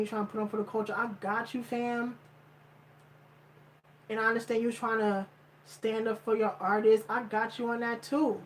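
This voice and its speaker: A woman's voice: a little high, slight background noise, low-quality recording. A woman vlogger ranting in blunt, profane commentary, repeating her points for emphasis. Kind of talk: heated commentary rant.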